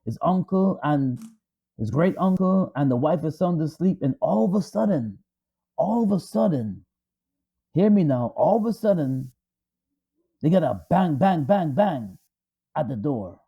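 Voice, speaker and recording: A man's voice: a little high, animated, a little slow, gravelly, long pauses, breathy edge, muffled recording. A man co-hosting a talk show, telling a story dramatically with emphatic repetition. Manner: repetitive, emphatic, restarts for effect. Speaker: co-host.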